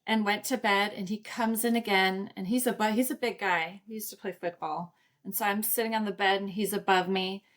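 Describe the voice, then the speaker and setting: Woman guest, middle pitch, candid and conversational, retells events with quoted dialogue. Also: fairly even intonation, brisk, hardly any pauses, fairly bright tone. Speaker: podcast guest. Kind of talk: casual storytelling interview.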